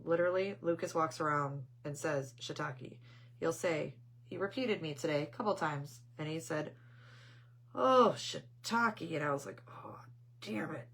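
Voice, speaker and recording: A woman's voice: sits low, normal speed. A middle-aged woman hosting a craft channel, chatting casually on a live stream and telling rambling family stories. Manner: greets viewers mid-story.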